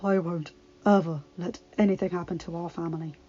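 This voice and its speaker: A woman voicing a gentle, devoted young emperor. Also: fairly quick, lo-fi sound, close to an everyday voice. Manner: soft, low-key, steady.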